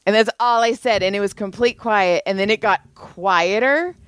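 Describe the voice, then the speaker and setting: Clear-voiced woman telling a story. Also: mid-range voice, moderate pace, no echo. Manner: animated, swearing, acts out quotes with laughter. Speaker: podcast co-host. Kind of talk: casual storytelling chat.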